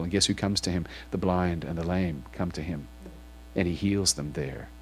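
A man preaching to his congregation in church, reading scripture aloud and then asking it probing questions. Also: low voice. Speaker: pastor. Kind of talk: sermon.

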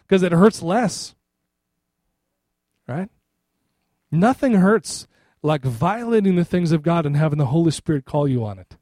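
A man's voice: on the high side, warm tone, no room sound, clean studio sound. A middle-aged man, a pastor, preaching a sermon in a loose, conversational way, often checking in with the congregation. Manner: conversational, repeats "right?" to the congregation.

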